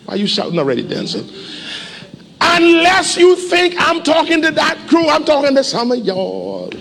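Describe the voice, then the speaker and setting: A man pastor preaching a sermon in a church, animated and urging the congregation to respond. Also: very high-pitched, normal speed, vocal fry, big-room sound. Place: church sanctuary.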